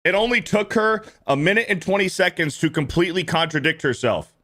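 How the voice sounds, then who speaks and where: Reacting to clips on his stream, a thirtysomething host rants with casual profanity, animated and repetitive. He has a high voice and speaks fairly quickly.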